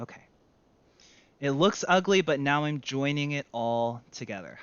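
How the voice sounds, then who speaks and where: A man's voice: medium pitch, measured pace, smooth, no echo, lo-fi sound. A man teaching a screen-share tutorial in a conversational way, correcting himself as he goes. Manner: conversational, self-correcting, lively. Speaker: data instructor.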